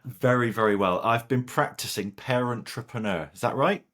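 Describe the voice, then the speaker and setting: A man talking as a podcast guest in casual interview chat, jokey and animated, laughing often. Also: mid-range voice, moderate pace.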